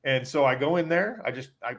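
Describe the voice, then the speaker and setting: A man co-hosting a podcast, telling a story in a casual, animated way and leaning on "like" as he talks. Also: medium pitch, a little fast, lo-fi sound. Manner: animated storyteller, heavy use of "like". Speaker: podcast co-host.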